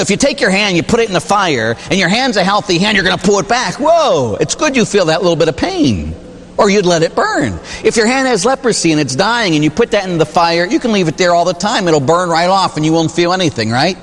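A male Catholic priest preaching a sermon. He tells stories emphatically and jumps suddenly in pitch for effect. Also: big-room sound.

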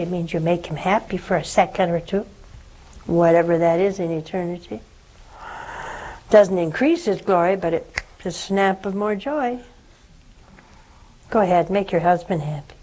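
An older woman, a nun, hosting a religious call-in show and answering a caller with slow, tender preaching. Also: fairly low pitch, dark tone, husky, rough recording.

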